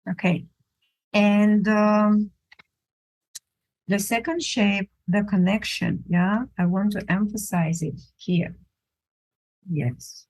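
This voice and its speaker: Slow, halting woman art teacher. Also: mid-range voice, steady tone, darkish tone, poor audio. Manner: halting, searching for words; unhurried, thinking aloud while drawing. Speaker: art instructor. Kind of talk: drawing demonstration lesson.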